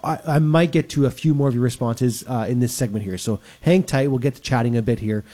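A man hosts a weekend radio show from the studio, speaking in a warm, dark tone. He rambles casually and fills pauses with "uh". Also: medium pitch. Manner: chatty, lots of filler words. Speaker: radio show host and real estate broker. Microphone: studio microphone.

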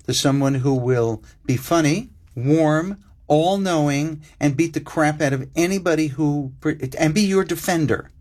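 An older man speaking as an interview guest, earnest and reflective, building lists and slowing down for emphasis. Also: a little high, darkish tone.

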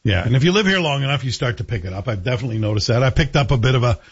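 Husky-voiced male radio host, chatty. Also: medium pitch, lively intonation, racing, muffled recording. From Scotland. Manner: chatty, playful, mimics voices. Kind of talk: morning talk radio chat. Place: radio studio.

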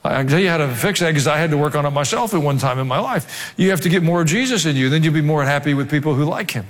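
In a racing voice on the high side, a man preaches a sermon as a pastor, shifting between humorous asides and emphatic, rising exhortation. A long hall reverb fills the recording.

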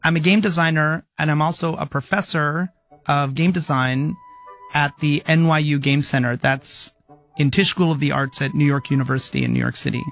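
A man's voice: on the high side, steady tone, moderate pace, gravelly, fairly bright tone, muffled recording, faint music behind. A man, a game design professor, speaking thoughtfully and articulately in an interview. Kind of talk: interview conversation.

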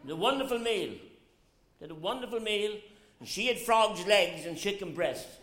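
A man's voice: high voice, normal speed, fairly bright tone, echoey room. A man telling a comic story to a live audience, chatty and teasing, with chuckling asides.

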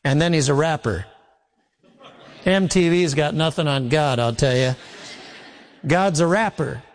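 A man preaching a sermon in a folksy, storytelling way, leaning on repeated phrases to drive each point home. His voice sits a little high for a man. It rings out with a long reverb through a big church hall. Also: unhurried. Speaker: pastor.

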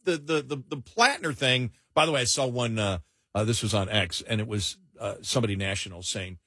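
Lively sarcastic guy cohosting, bright husky voice, dry close sound. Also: medium pitch, brisk, no room sound. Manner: animated, laughing, sarcastic, stumbles into restarts. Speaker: talk show co-host. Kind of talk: casual chat.

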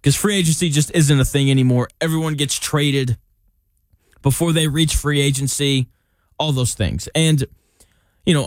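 Slightly high-voiced male sports talk host. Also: no room sound. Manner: opinionated, conversational, with jokey asides. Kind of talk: casual sports talk commentary.

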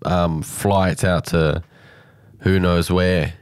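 A man's voice: low-pitched, flat delivery, drawn-out words, clean tone. A man hosting a radio show, playful and joking as he asks questions. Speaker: radio host. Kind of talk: casual radio banter.

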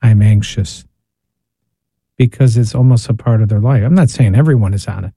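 A man's voice: mid-range voice, fast talker, warm tone, breathy edge, no echo. A man, a priest and spiritual director, speaking earnestly on a radio show and posing rhetorical questions. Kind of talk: radio talk reflection. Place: radio studio.

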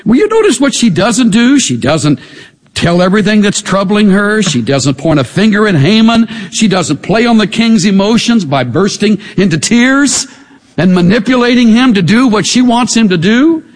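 A man preaching a sermon, animated and emphatic, pressing his listeners with pointed rhetorical questions. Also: high-pitched, normal speed. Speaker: pastor. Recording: echoey hall.

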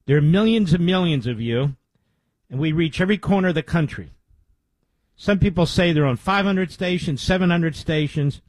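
A man's voice: a little high, expressive, moderate pace, no room sound, low-quality recording. A man hosting a radio talk show, speaking in an emphatic, self-assured on-air monologue.

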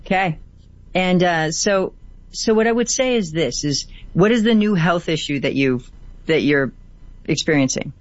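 A woman appearing as a guest on a call-in radio show who gives gentle advice and often repeats words for emphasis. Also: on the low side, lively intonation, measured pace, no echo. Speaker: guest healer. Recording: dry, slightly dull audio.

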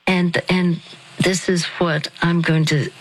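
An older woman hosting a Christian radio program, speaking slowly and softly with many pauses and restarts. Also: lowish voice, little pitch movement, slight background noise, rough recording. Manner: slow, soft, halting with restarts. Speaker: radio ministry host. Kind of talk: gentle spoken counsel.

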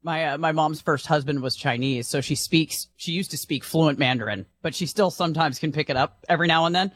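A man on a radio talk show, telling a relaxed anecdote in casual banter. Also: a little high, a little fast.

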